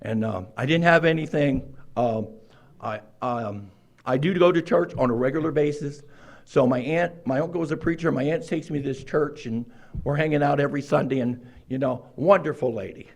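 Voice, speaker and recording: A man in his sixties telling his own recovery story to a meeting, acting out quoted lines with sudden jumps in pitch and loudness. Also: normal speed. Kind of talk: personal recovery story told to a group.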